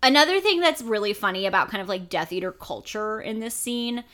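A woman's voice: medium pitch, expressive, fairly quick, fairly bright tone. A woman co-hosting a podcast in casual chat, sarcastic and swearing, with exasperated asides. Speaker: podcast co-host.

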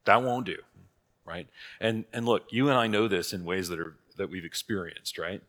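A man's voice: deep voice, normal speed, fairly bright tone. A man teaching a church catechism class in a casual, conversational way, asking rhetorical questions and laughing at his own asides.

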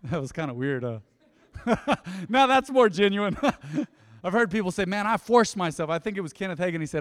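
A middle-aged man preaching a lively sermon, swinging between loud exhortation and soft asides. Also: sits high, moderate pace. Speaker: pastor. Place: church sanctuary. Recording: church hall reverb.

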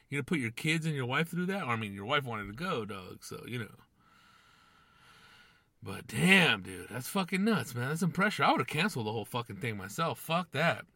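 A man's voice: fairly high pitch, bright, forceful tone, dry recording, studio quality. A young man hosting a podcast, rambling casually with constant swearing and slang. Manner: profane, rambling, slangy, says "dude" and "man". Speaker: podcast host. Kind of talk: casual monologue.

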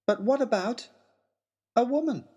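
Man voicing a defiant young heroine disguised as a boy, high, bold, husky edge, storybook. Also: lively intonation, measured pace, dark tone, full character voice.

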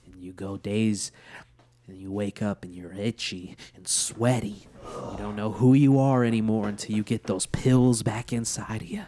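A man's voice: on the low side, fairly even intonation, moderate pace, dark tone, a little hiss or hum. A man in his late twenties hosting a podcast, chatting casually and joking with lots of profanity. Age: 20s. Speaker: podcast host. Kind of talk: casual chat.

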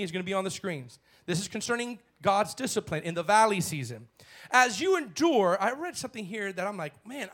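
A male pastor preaching a bold sermon in church, swinging from shouted lines to hushed ones. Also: high-pitched.

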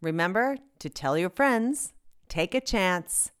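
A woman hosts a podcast and reads its scripted closing credits. Her voice is low and smooth, and her delivery stays even throughout. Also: takes it slowly. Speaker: podcast host.

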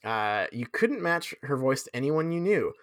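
Brief: podcast host giving a fanfic a dramatic read, very animated delivery, dry close sound. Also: medium pitch, moderate pace, dry recording. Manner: dramatic reading with swearing asides. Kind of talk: reading fan fiction aloud.

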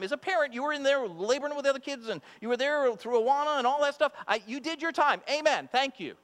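A male preacher delivers a sermon and speaks straight to the women listening. He is emphatic and repeats himself for weight, in a high voice. The long reverb of a hall and a faint mains hum sit behind him. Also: lively intonation, fast, hardly any pauses, a bit bright.

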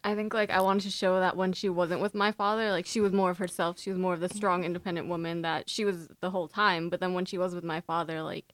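Young woman with a smooth, clear voice. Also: lowish voice, flat delivery, quick pace, hardly any pauses, no echo. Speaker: guest author. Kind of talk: reading a personal essay aloud.

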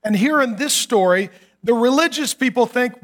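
A middle-aged male pastor preaching with a strikingly high voice. He tells stories in a lively way, acting out the quotes with humor. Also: normal speed. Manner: animated storytelling with acted quotes and humor. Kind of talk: sermon.

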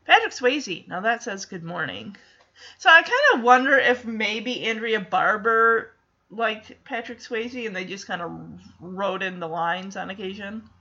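A woman's voice: mid-range voice, animated, a little slow, pushed and bright, highs cut off. A woman chatting wryly through an episode recap, laughing often and acting out quotes.

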